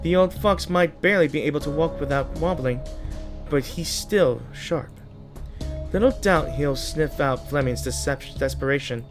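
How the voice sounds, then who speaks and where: A man's voice: fairly high pitch, normal speed. A man who makes gaming videos, casually reading a game's story aloud, often stumbling and correcting himself. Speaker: gaming YouTuber. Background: game music.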